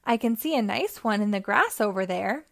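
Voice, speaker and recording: A woman voicing an excitable blue jay bird guarding its eggs. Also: medium pitch, normal speed, vocal fry. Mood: excited.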